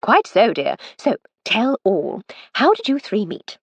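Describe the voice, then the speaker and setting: A woman voicing a witty, charming Edwardian lady in an audiobook, teasing and brisk. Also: medium pitch, very animated, husky, dry recording, pitched above the performer's own voice, full character voice.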